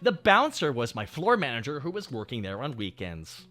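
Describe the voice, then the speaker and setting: Lively, bright-voiced male streamer. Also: medium pitch, normal speed, faint music behind. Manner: animated, profane, swings between muttering and shouting. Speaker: VTuber streamer. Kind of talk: casual storytelling on stream.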